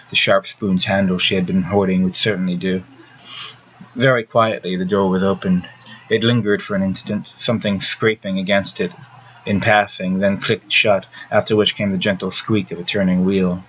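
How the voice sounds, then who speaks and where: Low-voiced man reading an audiobook. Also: fairly bright tone. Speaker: audiobook narrator. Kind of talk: scripted narration of a gothic novel. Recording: dull lo-fi recording with faint hiss.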